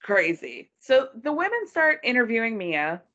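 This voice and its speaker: Recapping a reality show on a podcast, this female co-host keeps the chat casual and lively, imitating people's lines in put-on voices amid frequent laughter. She sounds a little high at a moderate pace, and the highs are cut off.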